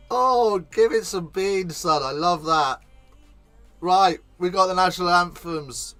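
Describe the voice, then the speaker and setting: Male host, bright tone, excitable live commentary, faint music behind. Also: high-pitched, slow. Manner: chatty, excitable, swears casually. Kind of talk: live watch-along commentary.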